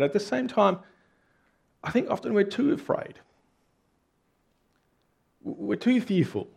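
A man's voice: mid-range voice, vocal fry, darkish tone. Earnest man preaching. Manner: earnest, conversational preaching with frequent rhetorical questions. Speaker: pastor. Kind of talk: sermon.

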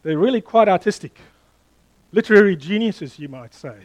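A middle-aged man preaching a sermon, animated and playful, quizzing the congregation and then dropping to a hushed tone for emphasis. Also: high voice, moderate pace, poor audio. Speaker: pastor.

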